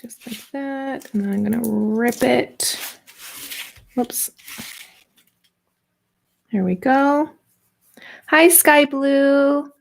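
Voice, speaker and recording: A woman's voice: high voice, steady tone, very slow, vocal fry, long pauses. A woman in her thirties hosting a casual art journaling livestream, chatty and playful, greeting viewers as she works. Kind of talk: casual livestream craft demo.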